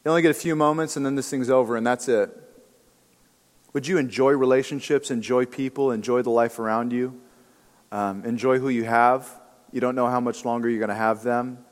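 A pastor preaching a sermon in a conversational, emphatic style with casual asides. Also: male voice, mid-range voice, steady tone, a little fast. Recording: long reverb of a church hall.

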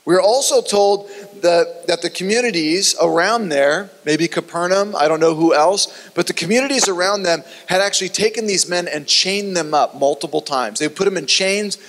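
A man preaching a sermon as a pastor, telling the story dramatically and often dropping his voice low and quiet. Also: normal speed, few pauses. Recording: long reverb of a large hall.

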